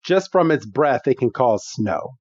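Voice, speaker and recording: A man's voice: mid-range voice, sing-song, a little slow, a little mellow, highs cut off. A man co-hosting a podcast, recapping a cartoon episode in a laid-back, joking way. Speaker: podcast co-host. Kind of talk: casual episode recap chat.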